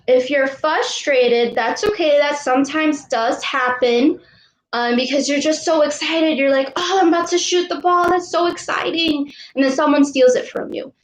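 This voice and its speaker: A high-voiced woman coach leads a live online lesson for girls. She talks slowly and patiently, repeating her questions and cheering the kids on. The room around her is echoey. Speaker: youth sports coach.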